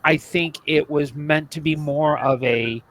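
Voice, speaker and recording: A man's voice: on the high side, steady tone, a little slow, fairly bright tone, low-quality recording. A man co-hosting a podcast in casual chat about old TV shows, rambling with many restarts and asides. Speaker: podcast co-host.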